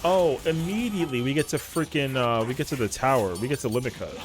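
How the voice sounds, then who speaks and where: A man's voice: medium pitch, fast talker. A man streaming a game, telling a casual story in slangy, profane talk and acting out what friends said. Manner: animated, slangy, profane, acts out quotes. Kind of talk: casual storytelling while gaming.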